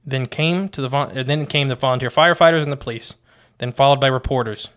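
A man's voice: mid-range voice, fast talker, a bit bright, clear, resonant tone. Male podcast co-host, casual, reads from notes, stumbles and restarts. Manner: reads quotes aloud, restarts often. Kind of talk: casual chat, reading from notes.

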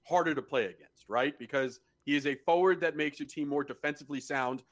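A man's voice: fairly high pitch, fairly quick. A man co-hosting a casual sports podcast, talking bluntly and analytically and swearing freely. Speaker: podcast co-host.

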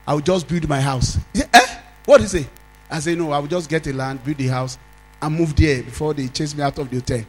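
A Nigerian pastor with a fairly high voice tells a lively story from the pulpit. He jumps from loud, high outbursts down to quiet asides, and faint music plays under his preaching. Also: brisk, low-quality recording. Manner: animated, swings from loud exclamations to low asides, acts out laughter. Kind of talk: storytelling sermon.

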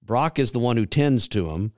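A man hosts a talk show with folksy, rambling stories and lots of restarts. His voice sits at an ordinary pitch, and the recording is dry and close. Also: expressive, moderate pace, darkish tone, dry recording. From Georgia, US. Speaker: radio show host. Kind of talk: casual chat.

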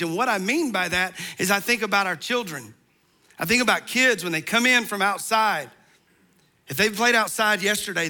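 A man delivers a passionate, emphatic sermon. His voice sits high and sounds bright and forceful. At points he pulls back to a hushed tone for emphasis. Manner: impassioned, emphatic preaching, dropping to soft tones for stress. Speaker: preacher.

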